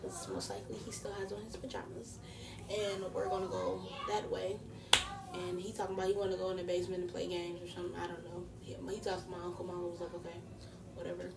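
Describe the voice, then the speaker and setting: A woman's voice: lowish voice, fast talker, vocal fry, very noisy. A woman from co-hosting a casual podcast, telling stories animatedly and acting out the people she quotes. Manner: animated storyteller, acts out quotes. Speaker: podcast co-host. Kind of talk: casual chat. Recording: echoey room, distant mic.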